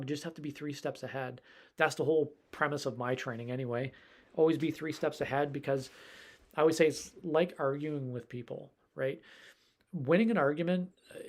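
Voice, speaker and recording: A man's voice: mid-range voice, darkish tone. A man who works as a dog trainer and behavior specialist, answering viewers' questions in a casual live stream and rambling in a conversational way.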